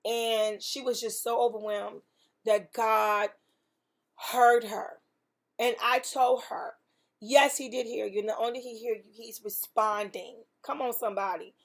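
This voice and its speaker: A woman's voice: on the high side, steady tone, a little slow. A woman hosting a faith podcast, telling a testimony in an earnest, emphatic way with preaching repetition. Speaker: podcast host.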